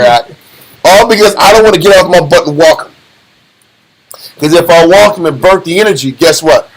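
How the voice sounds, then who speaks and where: A man's voice: sits high, normal speed, long pauses, fairly bright tone, low-quality recording. A man with a Texas accent giving an informal church teaching, casual and streetwise with joking asides. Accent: Southern US, Texas. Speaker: teacher of a church study class.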